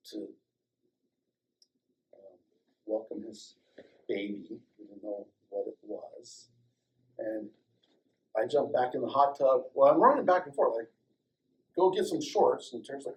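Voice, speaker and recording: Older guy telling a story, acts out the voices, gets real quiet at the soft parts. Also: medium pitch, rough recording. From Colorado, United States. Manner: animated storyteller, acts out dialogue, drops to a hush at tender moments. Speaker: chiropractor and guest speaker. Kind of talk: storytelling talk to a small audience.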